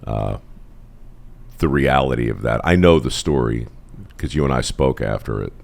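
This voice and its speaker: A middle-aged man hosts a podcast in a relaxed, teasing chat with an old friend. His voice sits very low and gravelly, and it swoops up and down a lot as he jokes around. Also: moderate pace. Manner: animated, teasing and playful. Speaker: podcast host. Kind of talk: casual chat.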